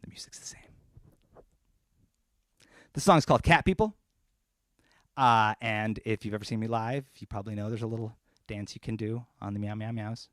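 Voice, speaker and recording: A man's voice: fairly low pitch, normal speed, pauses often, no room sound, studio quality. A man talking casually between songs at a live-streamed concert in his apartment, then rapping with a punchy, rhythmic delivery. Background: loud hip hop beat.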